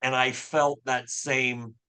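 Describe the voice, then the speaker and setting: A man's voice: mid-range voice, flat delivery, takes it slowly, bright, forceful tone, smooth. A man in his fifties telling a personal faith story as a podcast guest, earnest and full of restarts and fillers. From Louisville, Kentucky. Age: 50s. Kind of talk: personal storytelling in a casual interview.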